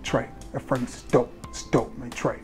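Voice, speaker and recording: A man voicing his buddy, a young guy urgently raving about a fragrance in a low, hushed, insistent way. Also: flat delivery, normal speed, soft background music, close to an everyday voice. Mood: hyped.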